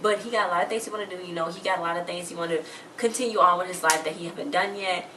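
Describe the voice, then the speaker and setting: A woman's voice: fairly low pitch, rapid-fire, reverberant, recorded from a distance, noisy background. A woman chatting casually as she recaps a TV episode, retelling scenes with quoted lines.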